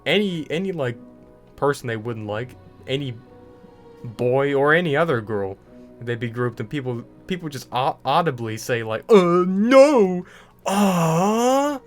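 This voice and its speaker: Young guy, mid-pitched, rambling gaming rant, faint music under it. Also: normal speed. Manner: ranting, frequent fillers and restarts. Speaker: gaming video creator. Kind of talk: casual rant over gameplay.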